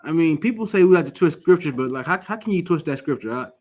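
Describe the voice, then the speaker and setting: A man teaching a religious class, emphatic and repetitive, often asking the listeners questions and telling lively stories. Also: fairly high pitch, quick pace. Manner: lively storytelling.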